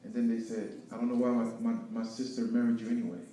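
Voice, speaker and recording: A Haitian guest speaker gives an inspirational testimony to a live audience in an event hall, telling his story in a preachy, animated way that shifts between loud and hushed. His mid-range voice is fast, picked up from far off in the echoey hall with a little hiss or hum.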